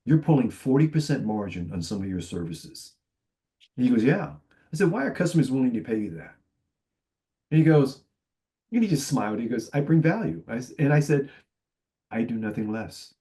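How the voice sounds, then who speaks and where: A man on a conference panel, telling animated sales anecdotes full of quoted dialogue. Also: medium pitch, moderate pace, pauses often. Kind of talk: panel discussion storytelling.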